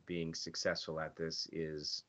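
Bright-voiced lively male actor. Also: a bass voice, a little slow. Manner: animated, acts out his own quoted lines. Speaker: voice actor guest. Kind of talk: casual storytelling interview. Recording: dull lo-fi audio.

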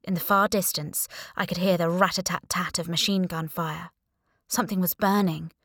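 A woman's voice: fairly low pitch, steady tone, moderate pace, a bit bright, no room sound. A young adult woman narrating a thriller audiobook in the first person, with a dry, wry manner.

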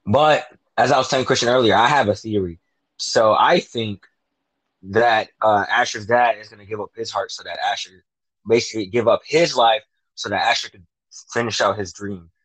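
Lowish dry-voiced man rambling casually. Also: moderate pace, a bit bright, husky, no echo, rough recording. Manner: rambling, self-correcting, acts out quoted lines; loose slangy speech. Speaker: fan discussing a TV show. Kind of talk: casual chat, predicting plot.

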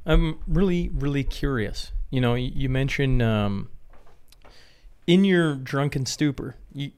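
Homem hesitante com voz rouca e arranhada. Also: male voice, mid-range voice, a little slow, darkish tone, clean tone. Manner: hesitant, searching for words. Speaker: interview host. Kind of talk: casual interview.

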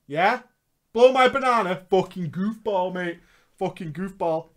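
A woman's voice: lowish voice, expressive, normal speed. A woman casually telling a funny story on a podcast, swearing often, laughing and mocking as she goes.

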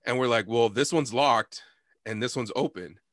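A man's voice: medium pitch, normal speed, no room sound, studio quality. A young man telling a story in casual chat, cursing a lot and acting out quotes. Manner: animated storytelling, heavy cursing, acts out quotes.

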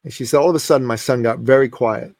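A man's voice: medium pitch, fast talker, creaky, darkish tone, no echo. A man in his forties, a podcast guest telling a story emphatically and passionately, often restarting his sentences. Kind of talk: animated storytelling.

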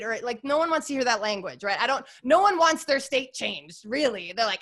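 A woman's voice: sits high, lively intonation, quick pace, few pauses, a bit bright. A woman talking as a podcast guest in a casual, upbeat, gushing way, full of "like" and "you guys". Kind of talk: casual interview chat.

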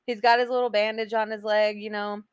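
Woman, young adult, casual storytelling, chatty, laughs often, acts out dialogue, mid pitch, dry room. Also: level tone, brisk, smooth, no echo, dull audio. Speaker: podcast co-host.

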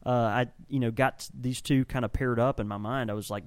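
A man's voice: mid-range voice, fairly even intonation, a little fast, dry recording. A man co-hosting a casual podcast from a tobacco shop, talking enthusiastically and rambling through descriptions. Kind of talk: casual chat.

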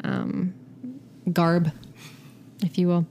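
A woman's voice: fairly low pitch, extremely slow, vocal fry. Young woman ranting thru a funny story, swears a lot, laughs at herself, faint hiss behind. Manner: animated, profane, self-mocking storytelling. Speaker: guest storyteller. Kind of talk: casual podcast chat.

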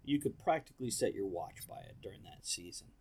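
A man co-hosting a podcast, telling a relaxed, animated anecdote in casual chat. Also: lowish voice, a little fast, slightly rough. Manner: animated storyteller.

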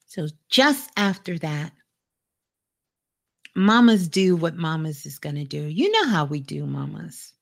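Woman storyteller, conversational and animated, very expressive pitch. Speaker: radio host and storyteller. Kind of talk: casual storytelling.

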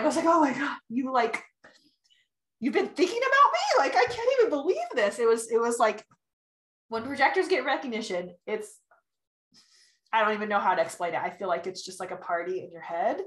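A woman reading human design charts, talking as a podcast guest. She is animated and chatty, acts out little quotes and laughs often. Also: medium pitch. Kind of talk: casual podcast conversation. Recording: roomy echo.

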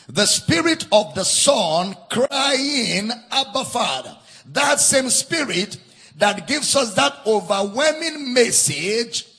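A man's voice: high-pitched, sharp tone, breathy edge. A man preaching a sermon at a church camp meeting, stressing and repeating key phrases and spelling out words for note-takers. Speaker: pastor.

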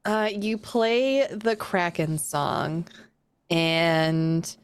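Woman game master, slow descriptive narration, gravelly texture, dry close sound. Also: on the low side, steady tone, no echo. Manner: descriptive, unhurried storytelling.

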